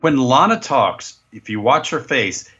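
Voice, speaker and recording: A man's voice: mid-range voice, very animated, a little slow, sharp tone, slightly rough, muffled recording. A man chiming in with dry, wry quips during a casual chat.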